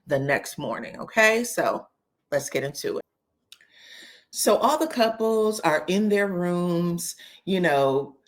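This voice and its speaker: Lady host doing a casual recap, lowish voice, chatty and expressive, keeps checking in with listeners. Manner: chatty and expressive, frequent "okay?" asides. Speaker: host recapping a reality show. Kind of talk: casual commentary.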